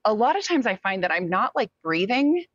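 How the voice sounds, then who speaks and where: A talkative woman in her forties recounts her experiences in an interview, animated and quick to act out other voices. Her mid-pitched voice is recorded dry and slightly muffled. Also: dry recording. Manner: animated, talkative, acts out quotes. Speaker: interview guest. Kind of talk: personal storytelling in an interview.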